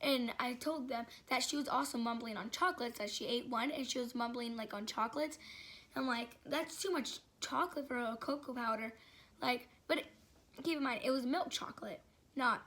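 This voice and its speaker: A woman's voice: a little high, a little fast, a bit bright. A woman vlogger telling a casual story, rambling and filling it with "like" and "um". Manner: rambling, filler-heavy storytelling with frequent "like".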